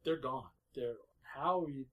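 A man running a tabletop game as game master, talking in a relaxed way with frequent chuckles and fillers. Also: mid-range voice, takes it slowly. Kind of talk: casual tabletop game narration.

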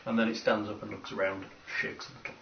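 A man running a tabletop game as game master, narrating in a halting, descriptive way. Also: on the low side, little pitch movement, gravelly, slight background noise. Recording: roomy, distant, dull lo-fi room mic.

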